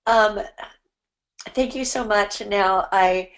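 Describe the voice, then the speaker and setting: A woman hosting an interview, effusive and gushing with soft laughs, tearing up as she thanks her guest. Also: medium pitch, takes it slowly. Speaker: interview host. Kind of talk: warm interview chat.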